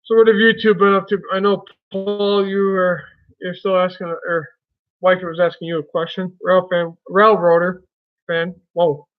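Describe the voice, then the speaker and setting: A man's voice: sits high, level tone, normal speed, phone-quality sound. A man hosting a casual live stream, chatting in a folksy way and greeting viewers by name.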